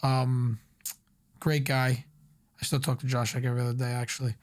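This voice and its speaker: A man's voice: medium pitch, normal speed. A young man from Long Island, a restaurant owner, telling his story as a guest on a casual podcast, full of "like" fillers. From Long Island, New York. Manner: energetic storyteller, many fillers like "like".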